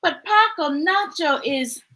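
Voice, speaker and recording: An eager little boy in a storybook, as a woman reader puts him on, high and breathless. He pleads with urgency, his voice leaping all over. The tone is bright and clear. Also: expressive, takes it slowly, full character voice. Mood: urgent pleading. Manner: high-pitched, urgent chanting of a long name. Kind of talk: storybook read-aloud.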